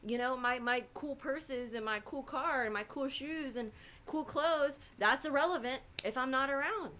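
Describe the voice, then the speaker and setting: A bright, forceful voice of a middle-aged woman, co-hosting a casual live stream. She tells a personal story with lots of energy and acts out other people's lines as she goes. Her voice sits a little high for a woman. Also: moderate pace, a little hiss or hum. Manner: animated storytelling, acts out quotes. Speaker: co-host.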